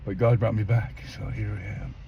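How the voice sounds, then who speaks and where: A man's voice: steady tone, moderate pace, creaky. Older man telling his life story emphatically. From California. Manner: emphatic storyteller who acts out quoted voices, often jumping high. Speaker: interviewee. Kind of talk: personal testimony in a street interview. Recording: dull lo-fi sound with faint traffic.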